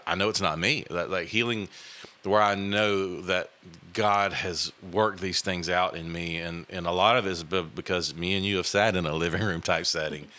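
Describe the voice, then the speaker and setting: A man with a deep, low-pitched voice that still sounds bright and forceful. He tells his story casually and earnestly as a podcast host, stopping and restarting often. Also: fairly even intonation. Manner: halting, many fillers and restarts, earnest.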